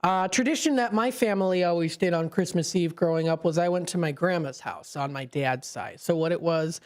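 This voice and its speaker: On a live call-in show, a local radio host with a mid-range voice talks a little fast. His delivery rambles and restarts, packed with fillers, captured close on a studio microphone.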